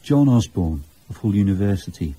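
A man's voice: low-pitched, big pitch swings, normal speed, warm tone, breathy edge. A male presenter reading scripted documentary narration in a composed way.

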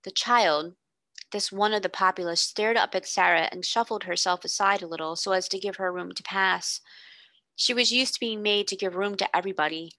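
A woman, a tutor, reading a children's novel aloud expressively, slowing on vivid words, on a close mic. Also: mid-range voice, pushed and bright, dry recording. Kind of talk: storybook reading.

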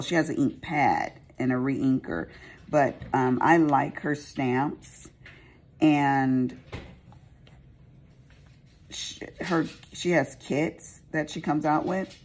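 A woman with a very low, gravelly and husky voice chats while she crafts. She rambles and pokes fun at herself in a slow, unhurried way, and her pitch rises and falls a lot. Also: a little mellow. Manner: rambling, chatty, self-mocking. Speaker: craft vlogger. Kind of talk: casual chat while crafting.

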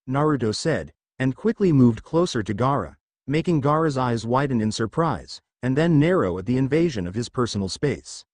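Guy reading fan fiction out loud, lively voice, dry mic. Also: medium pitch, normal speed, no echo. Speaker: narrator.

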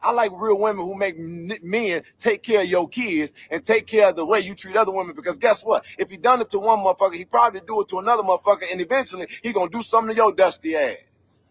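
A man's voice: sits high, quick pace, few pauses, fairly bright tone. A man giving an angry vlog commentary rant, heated, profane and emphatic. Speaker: commentator investigating a local scandal.

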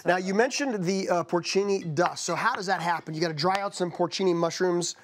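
Fast-talking, high-voiced male TV host. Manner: upbeat, jokey, asks leading questions. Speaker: talk show host. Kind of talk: casual chat during a cooking segment. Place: TV studio kitchen.

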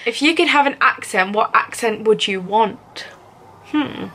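A woman's voice: fairly high pitch, unhurried, fairly bright tone. A young woman from England vlogging casually to camera, rambling with many fillers and frequent giggles. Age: young adult.

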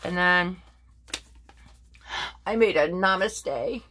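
A woman's voice: fairly low pitch, drawn-out words, bright, forceful tone. An older woman chatting casually in a crafting vlog, rambling through her projects with many fillers and self-corrections. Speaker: crafting vlogger. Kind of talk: casual show-and-tell chat.

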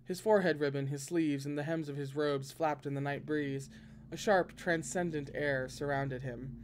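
A man's voice: fairly high pitch, moderate pace, a little hiss or hum. Man reading a novel aloud. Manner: expressive, breaks in with excited asides. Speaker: podcast reader.

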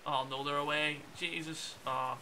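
Playing a video game, a Belfast-accented streamer in his twenties chats and exclaims to his viewers in a casual commentary. He's from Northern Ireland, with a slightly high voice, fairly even intonation and a moderate pace, recorded over background noise.

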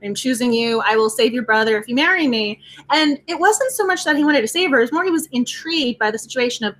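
Bright high-voiced woman chatting about books. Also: fast talker. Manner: animated, reads quotes aloud with feeling. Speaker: book club co-host. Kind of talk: casual book discussion.

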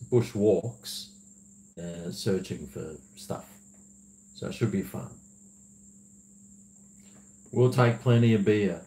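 A man with a fairly low, darkish voice hosts a livestream, chatting casually as he reads viewer messages, rambling and laughing. The recording has a roomy echo.

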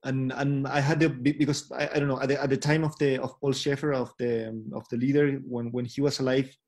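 A man in his forties, a filmmaker, answering interview questions over a video call, halting and often restarting as he searches for words. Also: mid-range voice, little pitch movement, darkish tone. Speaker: filmmaker guest.

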